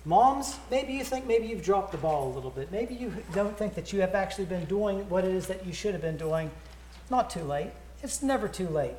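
Earnest preacher in echoey church. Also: male voice, high-pitched, expressive, normal speed, a little mellow, a little hiss or hum. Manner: earnest, repeats words, storytelling. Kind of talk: sermon invitation.

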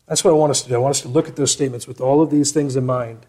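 A man preaching a sermon, asking rhetorical questions and swinging between loud emphatic passages and quiet ones. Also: medium pitch, fairly even intonation, very fast, few pauses. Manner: rhetorical questions, rising for emphasis then dropping soft.

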